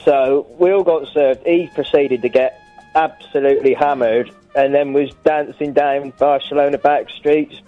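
A man's voice: medium pitch, fairly even intonation, normal speed, soft background music. A man calling in to a radio show, telling an anecdote in an easygoing, hesitant way. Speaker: caller. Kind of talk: phone-in chat. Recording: tinny phone line.

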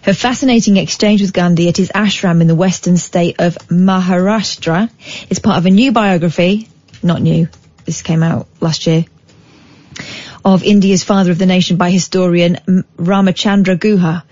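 A woman's voice: fairly low pitch, fairly even intonation, normal speed, a little mellow, no room sound, muffled recording. Dry-voiced female radio co-host. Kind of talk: casual radio banter, reading aloud.

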